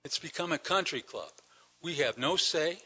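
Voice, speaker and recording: A man's voice: fairly high pitch, lively intonation, normal speed, bright, forceful tone, husky. An older man giving an indignant public comment to a town council, firing rhetorical questions with emphatic stresses. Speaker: citizen delegate at council meeting.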